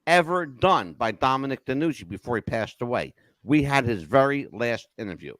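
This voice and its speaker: An older man hosting a podcast, telling animated stories in an emphatic way and checking in with "okay?" as he goes. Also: medium pitch, no room sound. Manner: emphatic, keeps asking "okay?". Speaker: podcast host. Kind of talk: animated storytelling chat.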